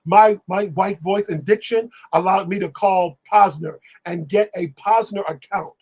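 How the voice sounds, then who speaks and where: An animated man tells stories on a live stream, sometimes singing and sometimes playing the people he quotes. His voice sits high and has a husky edge. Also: measured pace, low-quality recording. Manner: animated, exclamatory, sings lyrics and acts out voices. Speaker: guest. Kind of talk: casual storytelling on a live stream.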